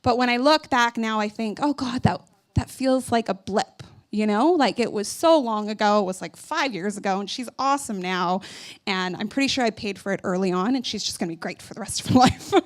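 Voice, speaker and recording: A woman's voice: medium pitch, fairly quick. A woman in her thirties from Canada giving a casual, chatty conference talk about her own life, full of "like" and "you know". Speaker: conference speaker. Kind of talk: personal storytelling talk.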